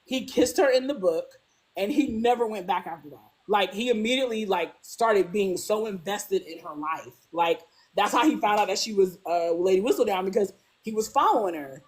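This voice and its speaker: Animated woman chatting with constant "like"s. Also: moderate pace. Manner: animated, acts out characters' lines with big pitch jumps; peppers speech with "like". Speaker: guest. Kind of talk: casual fan discussion.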